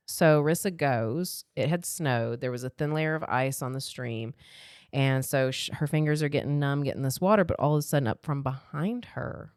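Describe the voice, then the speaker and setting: Low, smooth-voiced woman podcast host. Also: normal speed, no room sound, studio quality. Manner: wry, loose summarizing with asides. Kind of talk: casual comedic book-club chat.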